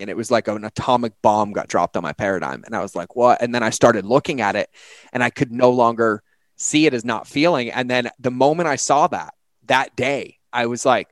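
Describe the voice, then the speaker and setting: A man in recovery chatting on a podcast, telling personal stories with lively acted-out quotes. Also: medium pitch, brisk, dry recording. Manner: animated storyteller, acts out quotes. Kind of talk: casual conversation.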